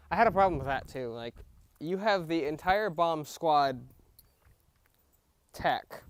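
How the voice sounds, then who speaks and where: Young male podcast host, slightly high voice, slow, hesitant, opinionated casual recap. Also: clean tone, dry recording. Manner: halting, many fillers and restarts, opinionated. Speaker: podcast host reviewing TV episodes.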